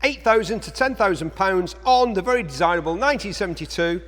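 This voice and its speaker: Man, auction car presenter, high animated voice, chatty and jokey, reverberant hall sound. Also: fast. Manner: enthusiastic, jokey asides to himself. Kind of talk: chatty car walkaround commentary. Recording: echoey large hall.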